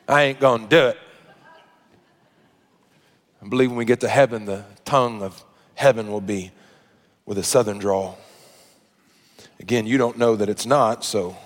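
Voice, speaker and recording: A man preaching a sermon, telling a story that moves between hushed asides and loud, emphatic preaching. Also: medium pitch, fairly quick, in a large hall. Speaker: pastor.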